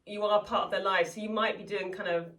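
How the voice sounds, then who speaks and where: A woman's voice: medium pitch, fairly even intonation, quick pace, fairly bright tone. A woman who works as a private chef, talking as a guest in a casual interview and telling stories with lots of "like" and "you know". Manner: chatty, anecdotal, full of "like" and "you know". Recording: echoey room, far from mic.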